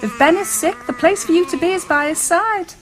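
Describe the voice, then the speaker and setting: An actress playing a snobbish suburban housewife who is easily flustered, huffy in private and sweetly polite on the phone, in studio sitcom style. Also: female voice, very high-pitched, brisk, low-quality recording. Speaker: sitcom character, hostess planning a dinner party. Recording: studio audience laughter, background noise.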